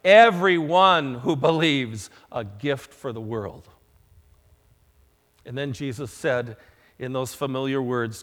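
A male pastor preaching a sermon, slow and emphatic, with dramatic rises in loudness. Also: medium pitch. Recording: long hall reverb.

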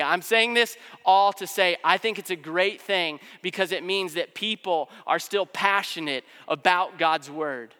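A man with a high, bright and smooth voice preaching a sermon. He talks in an easy, conversational way, with casual fillers throughout. His voice carries a long reverb from a large hall.

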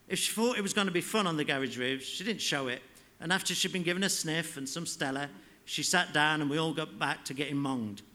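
A man reading his fiction aloud at a live literary event, in a measured, unhurried way. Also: a little high, sharp tone. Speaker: author reading.

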